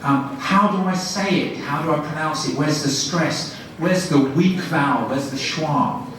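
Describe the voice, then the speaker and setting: A man's voice: on the high side, fairly bright tone, a little hiss or hum. Man teaching in an echoey hall. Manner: brisk questioning with quick praise. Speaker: guest lecturer and teacher trainer. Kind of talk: demonstrating classroom teaching to an audience. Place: university lecture room. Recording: echoey room from a distant mic.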